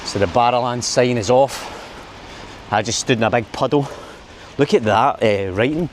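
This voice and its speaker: A man's voice: mid-range voice, normal speed, noisy background. A man from Scotland with a Glaswegian accent, chatting and rambling as he walks the city streets at night for his vlog. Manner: chatty, rambling, laughs at own jokes. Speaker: vlogger. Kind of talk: casual walking vlog.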